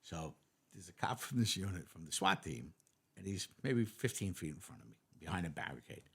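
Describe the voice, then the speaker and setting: Older new guy, really low voice, retired cop telling war stories, acts out all the dialogue. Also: brisk, husky. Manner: animated anecdote teller acting out dialogue. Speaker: retired police lieutenant, guest. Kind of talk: casual storytelling interview.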